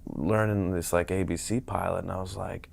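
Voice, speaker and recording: A man in his thirties sits in for a casual podcast chat, telling stories with energy and slipping into quick impressions of the people in them. His voice sits a little low, and he drops to a murmur when he imitates someone. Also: gravelly, a little hiss or hum. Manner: animated storytelling, mimics other people's voices. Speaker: actor guest.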